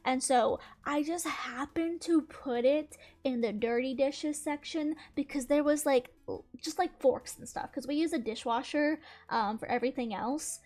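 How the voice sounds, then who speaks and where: A young woman with a Southern US accent chats casually as a channel host, rambling through a story and leaning heavily on "like." Her high voice is a little mellow and moves at a moderate pace.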